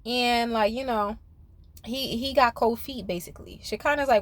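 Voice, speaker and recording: This reality TV commentator has a fairly high voice and a moderate pace. She chats straight to her viewers in a casual, profane recap of a reality show, laughing a lot along the way.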